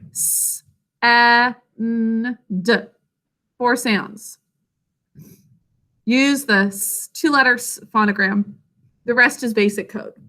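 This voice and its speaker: Slow, bright-voiced woman teacher. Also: fairly high pitch. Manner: slow, clear, sounds words out syllable by syllable. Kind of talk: online spelling lesson for children.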